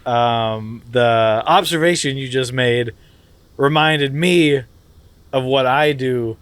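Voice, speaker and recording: A man's voice: mid-range voice, slow pace, a bit bright, clean tone, no echo. A man co-hosting a comedy podcast, riffing playfully in casual chat. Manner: playful, riffing on absurd tangents. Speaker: podcast co-host.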